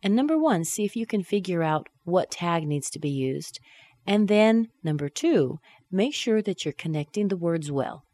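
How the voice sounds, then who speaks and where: Low-pitched woman teaching. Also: expressive, a little mellow, no room sound. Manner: clear, deliberate model sentences with exaggerated intonation. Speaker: English pronunciation teacher. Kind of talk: recorded lesson.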